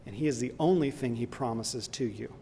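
A man's voice: mid-range voice, fairly quick, mellow, a little hiss or hum. A man preaching a sermon, earnest and emphatic, who builds into impassioned lists and retells a story along the way. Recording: long reverb in a large hall.

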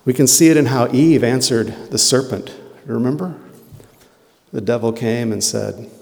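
A man preaching a sermon in a conversational way, with quick asides and emphatic rhetorical questions. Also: mid-range voice, gravelly, a little mellow. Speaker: pastor. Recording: long hall reverb.

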